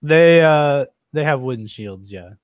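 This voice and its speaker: A young man runs a tabletop game, his voice sitting a little high as he laughs through the story and quotes characters in quick snatches. The recording is dry and dull, like a lo-fi mic. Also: lively intonation, smooth, dry recording. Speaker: game master.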